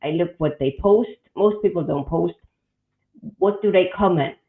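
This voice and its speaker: A woman hosting a video-call chat, talking haltingly with fillers and restarts. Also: on the low side. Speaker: host, headhunter. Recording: echoey, tinny phone-like call audio.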